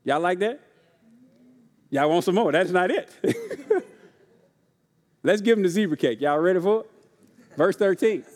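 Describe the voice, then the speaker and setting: High-voiced preacher in a reverberant church. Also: male voice, big pitch swings, a little slow, long pauses, a little mellow. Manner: call-and-response preaching, often asks the congregation if they are ready; casual, folksy delivery with repeated phrases. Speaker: pastor. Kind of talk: sermon. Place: church sanctuary. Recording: long reverb of a large church hall.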